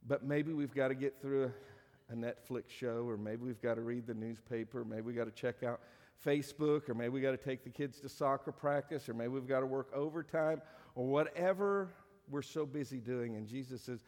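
A man's voice: mid-range voice, normal speed, darkish tone, long reverb tail. A middle-aged male pastor preaching a conversational sermon to a congregation, with dry joking asides. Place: church sanctuary.

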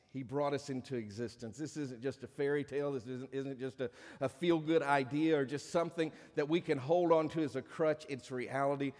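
Man preaching in an echoing hall. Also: mid-range voice. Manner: preaching with swelling emphasis and hushed drops. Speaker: pastor. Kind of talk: sermon. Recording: long reverb of a large hall.

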